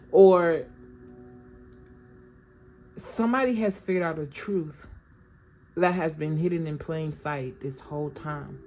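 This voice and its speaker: A woman's voice: deep voice, takes it slowly, long pauses, mellow, a little hiss or hum. A woman reading tarot cards for her viewers in a casual, slangy, chatty way, talking straight to them. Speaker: tarot reader.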